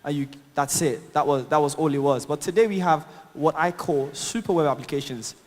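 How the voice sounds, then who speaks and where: A man's voice: a little high, a little fast, a little mellow. A man with an accent giving a chatty, upbeat tech talk at a conference, laughing at his own jokes and using lots of fillers. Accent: non-native English accent. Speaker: conference speaker. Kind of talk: live tech talk with demo. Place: large conference hall. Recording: long reverb of a conference hall.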